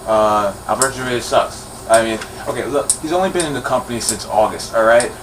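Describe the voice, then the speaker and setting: A man's voice: mid-range voice, brisk, fairly bright tone, close to an everyday voice. A man playing a blunt, ranting young guy. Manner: ranting, refuses to argue. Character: blunt stubborn young man hating the champion. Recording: distant mic with clear background hum.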